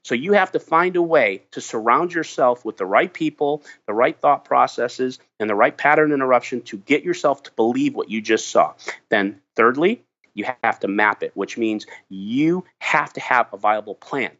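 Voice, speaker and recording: A man's voice: mid-range voice, expressive, normal speed, a bit bright. Emphatic middle-aged man, dull lo-fi audio. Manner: emphatic, earnest, repeats and restarts words. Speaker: podcast guest, business founder. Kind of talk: motivational storytelling in a podcast interview.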